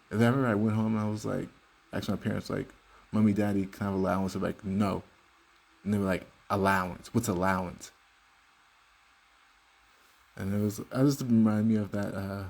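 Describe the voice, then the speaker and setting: Gravelly, husky young man telling stories. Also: lowish voice, a little mellow. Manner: laid-back, joking, with laughs. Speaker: podcast host. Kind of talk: casual storytelling monologue.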